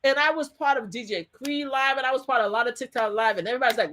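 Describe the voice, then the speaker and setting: A woman with a fairly high, sharp, bright voice tells her story as an interview guest. She is animated, laughs easily and acts out what other people said. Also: fast, hardly any pauses, slight background noise. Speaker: survivor advocate guest.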